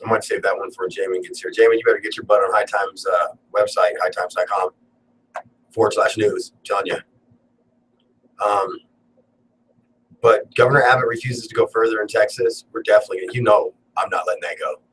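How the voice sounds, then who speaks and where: Low-voiced man rambling on a talk show. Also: steady tone, fairly quick, fairly bright tone, far from the mic, rough recording. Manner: rambling, joking, swears freely. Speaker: cannabis talk show host. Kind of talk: casual solo talk show. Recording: faint background noise, a bit off-mic.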